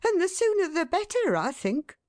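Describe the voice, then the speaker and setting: A woman voicing a sharp-tongued, tearful working-class wife in an audiobook. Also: very high-pitched, big pitch swings, moderate pace, no echo, studio quality, pitched above the performer's own voice. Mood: exasperated. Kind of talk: audiobook character voice.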